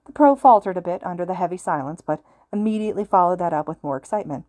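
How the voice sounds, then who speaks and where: A woman reading a fan fiction story aloud as a podfic narrator, calm and steady. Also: on the low side, quick pace, no echo. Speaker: podfic reader.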